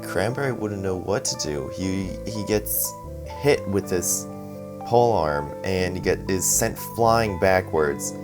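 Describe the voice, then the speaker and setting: A man with a deep voice talks slowly as a player in a tabletop game. He speaks in a hesitant, low-key way while faint music plays underneath. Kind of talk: tabletop role-play.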